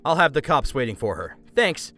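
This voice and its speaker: A man's voice: medium pitch, sing-song, moderate pace, a bit bright, faint music behind. A man voicing an amused woman restaurant manager with a dry, friendly manner.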